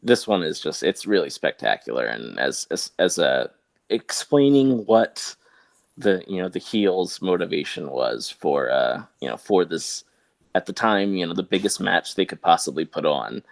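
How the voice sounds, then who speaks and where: Deep voiced dude rambling on a podcast, wry little asides, dry close mic. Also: male voice, sing-song, moderate pace, gravelly, dry recording. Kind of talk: casual chat.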